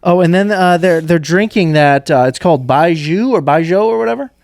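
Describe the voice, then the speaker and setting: A man's voice: fairly high pitch, animated, a little fast, creaky, a little mellow, no room sound, clean studio sound. A man co-hosting a podcast, reviewing a movie in casual, rambling chat and laughing often. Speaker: podcast co-host.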